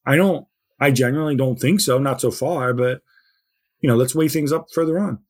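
A man giving opinions as a football pundit in a casual podcast discussion, animated and thinking aloud. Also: mid-range voice, moderate pace.

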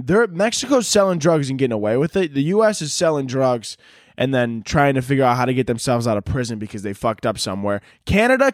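A man's voice: mid-range voice, no room sound, studio quality. A young man hosting a solo podcast, ranting and joking in a profane, rambling way and slipping into silly voices. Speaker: podcast host. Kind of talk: solo comedic podcast rant.

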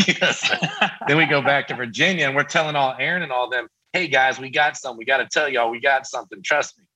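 A middle-aged man, a band member appearing as a guest, tells a story in casual chat at a quick pace with a mid-range voice. He's lively and acts out the voices of the people he quotes. The recording quality is low.

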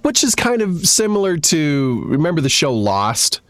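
A man in a casual pop-culture podcast chat, talking in a relaxed, hesitant way. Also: on the high side, moderate pace.

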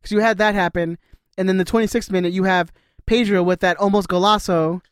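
A man with a notably high voice chats through a casual sports podcast, leaning on fillers and laughing easily. The sound is dry and close, with no echo at all. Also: fairly even intonation, a little fast, clean tone. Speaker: podcast co-host.

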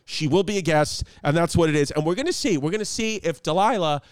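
A man's voice: on the high side, fast talker, clear, resonant tone, dry recording. A man in his thirties hosting a casual podcast from home, rambling and joking with plenty of swearing. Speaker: podcast host and comedian. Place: home apartment.

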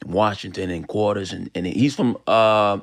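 A man from Los Angeles, a guest actor and comedian chatting casually on a podcast, talking in halting bursts with many fillers and restarts. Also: on the low side.

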